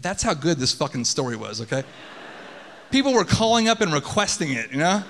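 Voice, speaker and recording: A man with a high voice tells a story live on a theater stage, casual and full of swearing. His voice rings out with the long reverb of the theater hall. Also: sing-song, fairly quick. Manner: casual, profane, conversational.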